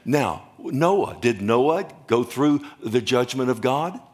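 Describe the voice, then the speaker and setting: A male pastor in the middle of a sermon, with a voice of ordinary, middling pitch. He keeps asking his listeners questions and then answers them himself. Now and then he slips in a joke. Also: animated, takes it slowly, a little mellow. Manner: jokes and laughs with the congregation.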